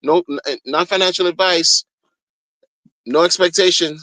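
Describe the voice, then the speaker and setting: A man's voice: high-pitched, normal speed, bright, forceful tone, no echo. A man ranting in a casual, blunt way, slangy and repetitive, as a crypto streamer. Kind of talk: casual rant.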